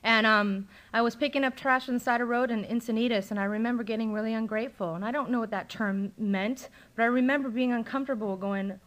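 A woman speaks at a recovery meeting, sharing her past in a candid, conversational way. Her voice sits a little high and she leans on ums and likes as she goes. She sounds middle-aged and speaks plainly and openly. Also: fairly even intonation, quick pace, hardly any pauses, fairly bright tone. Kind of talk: personal recovery story told to a meeting. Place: meeting room, live talk recording.

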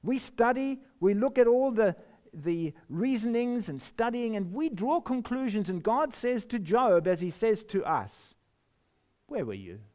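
A man preaching a sermon, reading scripture slowly and emphatically, with sudden rises and drops in his voice. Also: very high voice, animated, darkish tone. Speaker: pastor.

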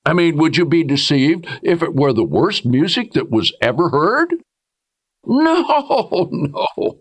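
A man preaching a sermon, reading scripture and asking his listeners rhetorical questions. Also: moderate pace. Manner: animated preaching, rhetorical questions, swoops high for emphasis.

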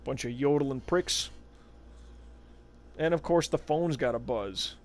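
A man's voice: mid-range voice, measured pace. A young man streaming a basketball video game, rambling in casual, sarcastic, profane commentary. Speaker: gaming livestreamer. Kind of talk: casual let's-play commentary.

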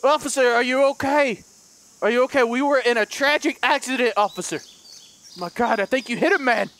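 A man doing loud, goofy, excitable commentary as he plays a game, often laughing. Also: very high-pitched, brisk. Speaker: let's play host. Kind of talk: gaming commentary.

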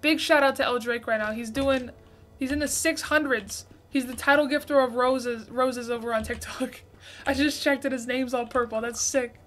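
On a casual gaming livestream, a woman in her twenties talks at normal speed in a slightly high voice. She reads out messages from viewers and eagerly thanks anyone who sends a gift.

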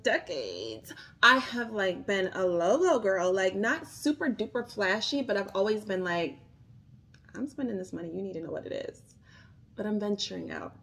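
A woman's voice: mid-range voice, a bit bright. Chatty bubbly woman vlogging on her phone. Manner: chatty, bubbly, rambling asides. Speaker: vlogger reviewing luxury bags. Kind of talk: casual chat to camera. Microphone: phone camera.

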